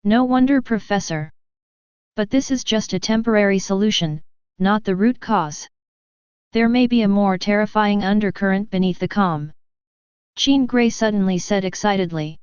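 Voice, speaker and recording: A woman reading a fanfiction audiobook in a steady storytelling manner. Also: mid-range voice, normal speed, clean tone, no room sound. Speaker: audiobook narrator. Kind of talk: scripted narration. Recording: dry, dull lo-fi recording.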